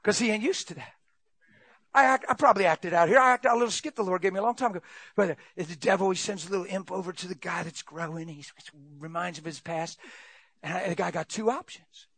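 A male preacher giving an animated sermon, laughing often and breaking into shouts. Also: high voice, fast, no room sound.

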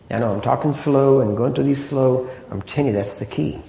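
A man's voice: medium pitch, moderate pace, gravelly, dark tone, a little hiss or hum. A man preaching a sermon in an easy, conversational way, often asking "Amen?" and "right?" to draw agreement. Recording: echoey room.

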